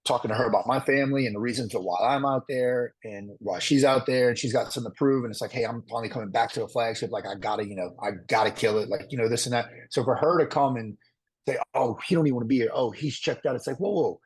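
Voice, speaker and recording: A man answers interview questions at a quick clip. His voice is husky, and he rambles, doubling back and restarting his sentences. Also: mid-range voice, poor audio. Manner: fast, rambling, with many restarts and fillers. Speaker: reality competition contestant. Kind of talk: casual interview.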